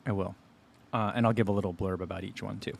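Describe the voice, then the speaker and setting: A man's voice: on the low side, fast talker, creaky, a little hiss or hum. Casual man chatting while tasting snacks. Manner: relaxed, chatty, talks while chewing. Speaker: running channel host. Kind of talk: casual livestream food tasting.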